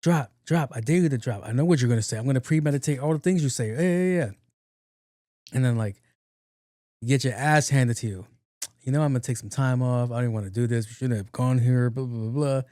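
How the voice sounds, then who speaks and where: Slangy podcast man with a dark voice. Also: medium pitch, fast, no echo, clean studio sound. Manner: slangy, swearing storyteller who acts out quoted talk. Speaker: podcast host. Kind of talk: casual solo podcast monologue.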